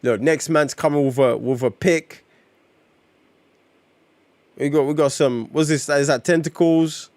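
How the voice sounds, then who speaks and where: A man, chatting casually on a live stream while reading comics, slangy and excitable as he reacts to chat. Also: on the high side, measured pace, pauses often, no echo.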